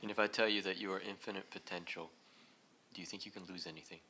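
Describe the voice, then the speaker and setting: A man giving an inspirational talk to a live audience, telling a story in a lively way and laughing often. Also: sits low, quick pace, slight background noise. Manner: animated, laughing as he acts out the story. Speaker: speaker leading a heart talk. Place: event hall.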